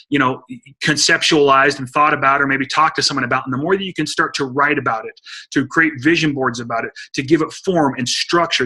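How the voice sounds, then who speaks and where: A middle-aged man giving an energetic coaching talk to a sales team on a conference call, urging listeners he calls guys. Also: on the high side, breathy edge. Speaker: motivational speaker on a team call. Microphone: phone or computer mic on a conference call.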